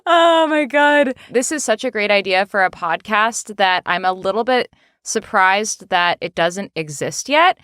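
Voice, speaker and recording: A woman guesting on a podcast in casual chat, talkative and quick to laugh. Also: medium pitch, animated, a bit bright, clean tone, no room sound, clean studio sound. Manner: chatty, laughs easily.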